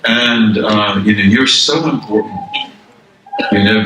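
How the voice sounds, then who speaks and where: A man's voice: fairly low pitch, distant mic, noisy background. An older man, an Islamic scholar, giving a conversational religious lecture, repeating phrases for emphasis and asking the audience questions. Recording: echoey room, speaker away from the mic.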